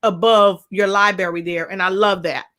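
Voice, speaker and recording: A woman hosting a live online interview show, lively and playful, speaking straight to her viewers. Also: medium pitch, normal speed. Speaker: talk show host.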